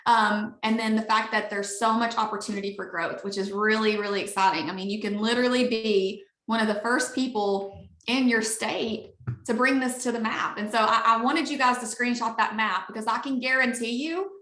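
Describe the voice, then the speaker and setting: A woman with an Alabama accent giving an upbeat, gushing sales pitch on a video call. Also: fairly even intonation, normal speed, fairly bright tone, echoey room. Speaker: network marketing leader.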